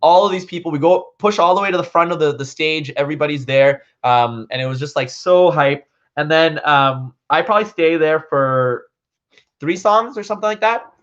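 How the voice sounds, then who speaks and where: This vlogger's voice is a little high and a bit bright, moving at a moderate pace, and the lo-fi recording sounds dull. He rambles through a long, casual story for his audience, filling it with "um" and "like."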